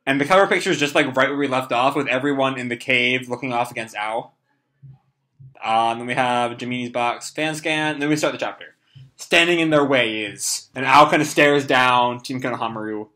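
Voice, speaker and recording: A hoarse young man hosting a casual live comic read-through, rambling with lots of "like" and "uh". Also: mid-range voice, bright, forceful tone. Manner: rambling, full of "like" and "uh". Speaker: comic reaction host.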